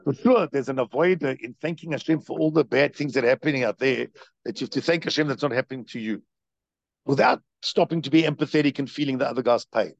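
Guy giving a torah talk, gravelly and kinda raspy, tons of rhetorical questions, dry muffled mic. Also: mid-range voice, quick pace, dry recording. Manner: animated, repetitive storytelling with rhetorical questions. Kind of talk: Torah lecture.

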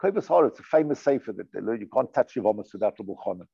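A rabbi teaches a religious class as a storytelling lesson, reading Hebrew passages aloud and translating them. His voice sits on the low side, animated and racing, gravelly and dark with a breathy edge. He is earnest and emphatic, often repeating and restarting his words, and the muffled recording has no room sound.

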